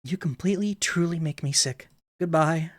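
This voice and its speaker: A man's voice: a little high, moderate pace, dry recording, clean studio sound, lightly acted. A man reading aloud the lines of a heartbroken young woman who is the AI president of a club in the game, in his own voice. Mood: remorseful.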